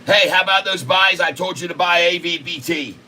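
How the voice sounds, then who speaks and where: A man hosting a live day-trading stream, excitable and repetitive, cracking crude jokes and bursting out loudly. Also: high-pitched, fairly quick. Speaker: day-trading livestream host.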